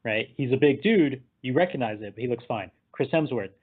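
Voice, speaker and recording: A man recapping a film in casual chat, animated and laughing, sometimes acting out the characters. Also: mid-range voice, a little fast, slightly rough. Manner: animated, acts out characters in quotes, laughs often. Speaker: podcast co-host. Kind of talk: casual movie discussion. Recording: tinny phone-like line.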